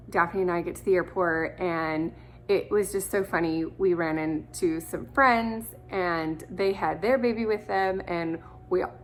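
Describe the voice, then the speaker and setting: A woman's voice: fairly low pitch, fairly bright tone, slight background noise. Chatty woman telling a story. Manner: chatty, rambling with many fillers. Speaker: vlogger, adoptive mother. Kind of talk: casual storytelling to camera.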